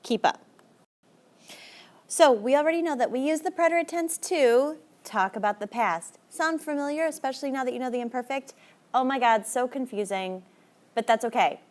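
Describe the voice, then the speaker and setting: A young adult woman teaching a recorded language lesson in a brisk, chatty, encouraging way, with lively jumps in pitch. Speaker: Spanish teacher.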